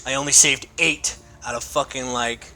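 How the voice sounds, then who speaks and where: A man voicing a grim male vigilante in a flat, blunt tone. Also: medium pitch, normal speed.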